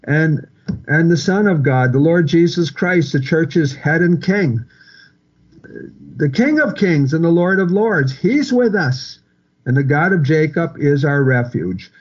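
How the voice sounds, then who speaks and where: A man delivers a verse-by-verse sermon in an earnest, repetitive manner, restarting phrases and pressing points home. His voice sits a little higher than most men's. The recording is dull and muffled, with the top end lost. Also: animated, a little slow. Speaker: preacher. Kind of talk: expository sermon.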